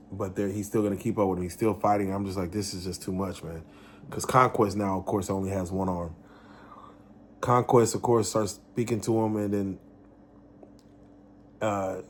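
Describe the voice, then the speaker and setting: A man hosting a reaction video, casually retelling a fight scene in a rambling, animated way. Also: lowish voice, a little hiss or hum. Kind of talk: casual spoken recap.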